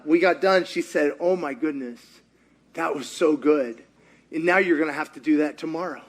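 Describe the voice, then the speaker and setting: A middle-aged man preaching with a high, bright voice. He tells the story with energy, acts out each character's lines and keeps asking the congregation questions. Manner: animated storyteller, acts out quotes, asks the audience. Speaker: pastor. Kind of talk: sermon.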